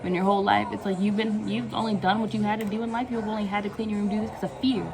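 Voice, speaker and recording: A woman's voice: medium pitch, level tone, very fast, music in the background, low-quality recording. A young woman chatting casually in a vlog, rambling from one tangent to the next in slangy speech and laughing often, recorded on her phone at home. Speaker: vlogger.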